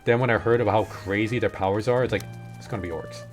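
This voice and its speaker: Music plays under a man's quick, low-ish voice as he streams a game and chats casually, rambling through long lore explanations stuffed with filler words.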